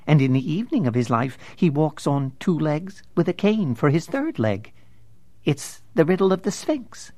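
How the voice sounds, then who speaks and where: A man voicing a clever, cocky teenage boy who talks in a lifted, quick and sly way. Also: on the high side, big pitch swings, a little mellow, dry recording, pitched above the performer's own voice.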